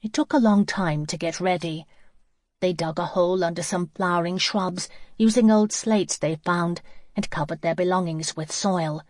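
Low-voiced woman narrating an audiobook. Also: moderate pace, darkish tone, no room sound, studio quality. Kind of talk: scripted narration.

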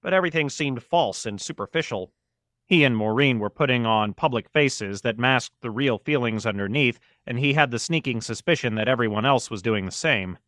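Male narrator, bright forward tone, dry close sound, steady measured read for audiobook fiction. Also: mid-range voice, no room sound. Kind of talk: scripted narration.

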